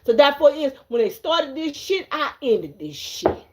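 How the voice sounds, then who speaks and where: Her fairly high voice swings widely in pitch at a moderate pace as she does a live-streamed card reading. Profane and confrontational with plenty of swagger, she taunts and calls out to viewers, repeats phrases, and laughs in their faces.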